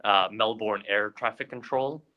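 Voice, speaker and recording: Man, podcast co-host, casual storytelling, lots of fillers and restarts, lowish voice. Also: fairly even intonation, a little slow, dull audio.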